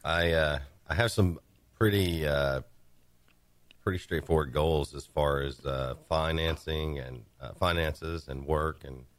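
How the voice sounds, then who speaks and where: Very deep-voiced hesitant man. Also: steady tone, measured pace, dry recording. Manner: hesitant, many fillers and restarts. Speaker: guest. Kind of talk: casual group chat.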